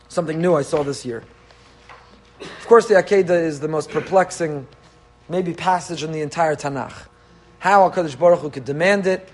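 High-voiced man giving a Torah class. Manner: animated, rhetorical questions, mixes Hebrew and Yiddish terms. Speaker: rabbi teaching the weekly Torah portion.

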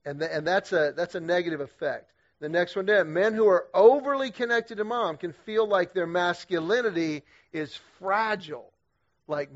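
A middle-aged man speaking to a men's group at church, energetic and humorous, with a conversational style full of quick restarts. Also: high voice. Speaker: guest speaker leading a men's group series. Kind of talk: storytelling church talk to men. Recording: dull lo-fi sound.

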